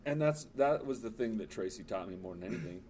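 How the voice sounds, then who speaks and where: A man telling a story in a casual chat, rambling and halting, full of "you know". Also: lowish voice, expressive, a little mellow, a little hiss or hum.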